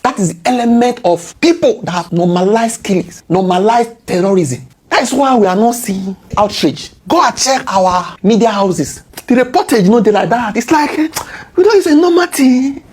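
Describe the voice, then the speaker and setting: Impassioned Nigerian woman, husky and animated. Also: a little high, moderate pace, few pauses. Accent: Nigerian, with Pidgin. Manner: indignant, rhetorical questions, repeats key words. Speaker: political commentator. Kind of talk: impassioned political commentary.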